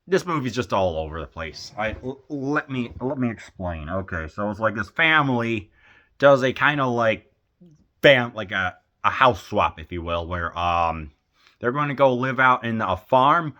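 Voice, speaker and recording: A man talking through a film review in a loose, rambling way, stumbling over restarts and fillers. His voice sits a bit low but comes across bright and forceful. He sounds befuddled and exasperated by what he is describing. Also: animated, normal speed, dull audio. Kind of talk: casual film review vlog.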